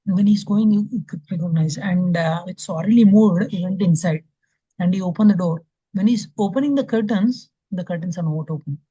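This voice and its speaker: A man's voice: high-pitched, a little fast, mellow, slightly rough, dry recording. A man, teaching an online scripture class and telling a devotional story with acted-out quotes and many fillers. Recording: dull lo-fi call audio.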